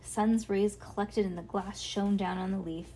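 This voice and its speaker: A woman reading a children's book aloud at bedtime, with soft, relaxed narration and gentle asides to a child. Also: medium pitch, moderate pace, a little hiss or hum. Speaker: parent reading a bedtime story.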